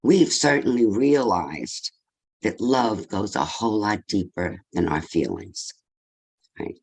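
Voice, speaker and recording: A man's voice: lowish voice, animated, takes it slowly. An older man giving an informal talk on love and feelings to a senior audience, conversational and full of rhetorical questions and tag questions. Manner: conversational, asks rhetorical questions, tags with "right?". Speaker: speaker on relationships.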